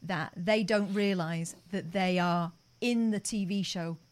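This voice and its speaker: A woman's voice: lowish voice, a little slow. A woman co-hosting a radio show, chatting casually and laughing easily.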